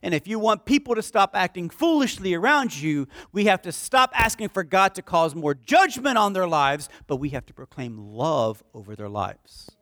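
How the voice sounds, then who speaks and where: A man preaching a sermon with passion, swinging from loud declarations to hushed, pleading prayer. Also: high-pitched, expressive, moderate pace, few pauses, no room sound, clean studio sound. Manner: impassioned preaching, swinging from shouts to hushed pleas. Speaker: pastor.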